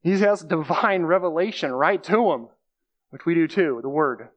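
A man preaching in a relaxed, conversational way, with a voice pitched a bit high for a man. He walks through scripture plainly, circles back on key phrases and reaches for everyday examples. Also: normal speed, lo-fi sound. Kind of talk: conversational sermon.

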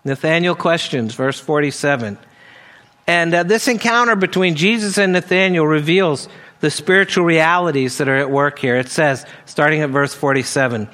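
A man with a high-pitched voice delivers a sermon, teaching earnestly through a scripture passage verse by verse. He reads the verses aloud and breaks into conversational asides. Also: moderate pace, a bit bright. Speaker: preacher.

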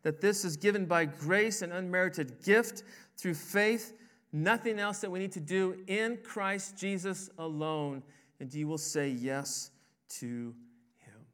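Guy preaching in church, emphatic ups and downs, slightly higher voice. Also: slow pace, fairly bright tone, clean tone. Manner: emphatic, rising and falling preaching cadence. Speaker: pastor. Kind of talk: sermon.

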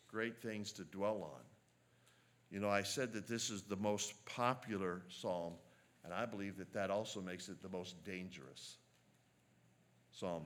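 A man preaching a sermon as a pastor, earnest and measured, slowing down to stress quoted lines. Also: fairly low pitch, a bit bright.

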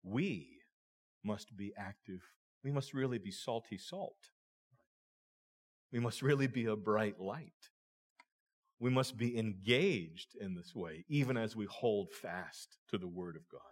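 A man's voice: on the low side, slow pace. A man preaching a sermon as a pastor, earnest, speaking to his listeners as friends and often repeating words.

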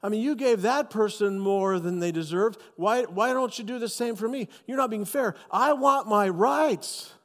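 A man's voice: high voice, normal speed, few pauses, a bit bright, long reverb tail, pitched above the performer's own voice. A man doing a whiny aggrieved worker. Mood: indignant. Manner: complaining, demanding.

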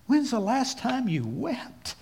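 A man's voice: very high voice, huge pitch swings, takes it slowly, creaky, darkish tone, slight background noise. A man preaching a sermon in an earnest, exhorting way, calling on his listeners to repeat lines after him.

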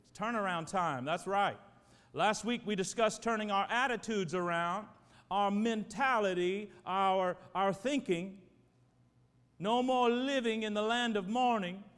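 High-voiced male pastor preaching. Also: a bit bright, smooth. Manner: emphatic, prayerful, calls for congregation responses. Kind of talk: sermon. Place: church sanctuary. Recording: reverberant church hall.

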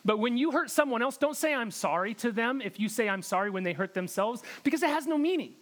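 A man's voice: very high voice, lively intonation, quick pace. A man preaching a sermon in an earnest, direct way, often repeating words for emphasis. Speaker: pastor.

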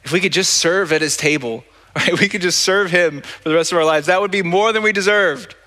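A man's voice: high voice, fairly quick, sharp tone. A man preaching a sermon as pastor at a church service, talking conversationally, repeating words and asking "right?" often. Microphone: handheld or stage mic.

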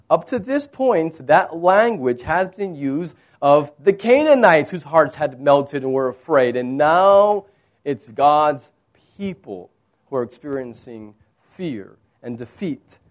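A male pastor preaching a sermon, moving between plain explanation and dramatic readings of quoted lines. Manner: expressive preaching, acts out quoted lines with rising pitch.

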